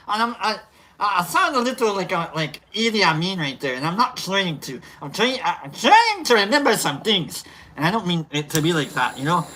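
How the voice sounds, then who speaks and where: Streamer rambling through chat shoutouts, lots of uh and restarts, bright sharp voice, mid pitch. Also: a little hiss or hum. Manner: rambling, halting, full of fillers and restarts. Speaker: livestream host. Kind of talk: casual livestream chat, reading out viewer names.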